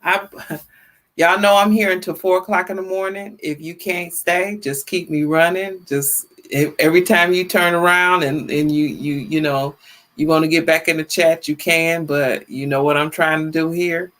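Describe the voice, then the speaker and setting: A woman in her fifties hosting a casual livestream, chatty and lively, greeting viewers by name and often repeating herself in colloquial phrasing. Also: low-pitched, normal speed. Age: 50s. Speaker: livestream talk show host. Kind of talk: casual livestream chat, reading viewer comments.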